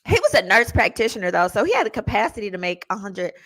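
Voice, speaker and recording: A woman attorney hosting a show, telling stories in a casual, slangy, animated way with laughing asides. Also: mid-range voice, fast talker. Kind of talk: casual storytelling chat.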